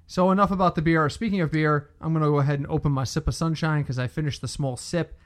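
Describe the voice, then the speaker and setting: A middle-aged man, chatting casually on a podcast. His voice sits a little high, and he tells his stories with energy. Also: quick pace. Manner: storytelling, animated anecdotes. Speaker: podcast co-host. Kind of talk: casual chat.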